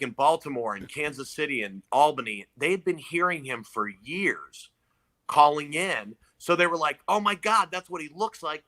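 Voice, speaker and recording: A man telling a story in casual chat, animated, acting out quoted people. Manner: animated storyteller, acts out quotes in loud high voices. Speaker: comedian guest.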